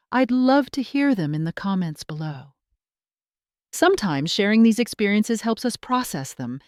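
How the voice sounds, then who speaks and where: An older woman narrates her own story in a steady, earnest voice and talks straight to the listener. Her pitch sits in the middle, and the sound is dry and close, with no room in it. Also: no echo. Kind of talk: scripted first-person storytelling narration.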